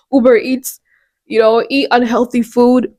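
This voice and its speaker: Earnest woman with a high, dry voice. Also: flat delivery, measured pace, a little mellow, no echo. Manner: earnest and conversational, with frequent restarts. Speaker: podcast host. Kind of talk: devotional podcast talk.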